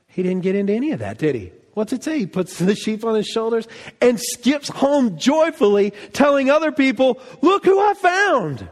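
A man preaches a sermon in a fairly high voice, animated and theatrical. He acts out quoted voices and swings from loud bursts to near-whispers. The sound carries a long reverb from a large church hall. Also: slightly rough. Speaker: pastor.

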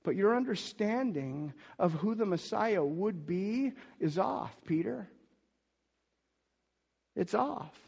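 A man preaching a sermon, telling the story with sudden swings between loud emphasis and hushed asides. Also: high-pitched, animated, takes it slowly, gravelly, long pauses, husky, long reverb tail, dull audio. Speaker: pastor.

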